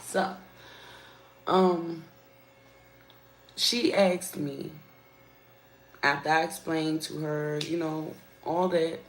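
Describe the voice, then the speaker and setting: Slow, low-voiced woman chatting candidly. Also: fairly even intonation, reverberant, slight background noise, rough recording. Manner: candid, conversational, addresses viewers as y'all. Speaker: live-stream host. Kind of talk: casual chat. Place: at her workplace.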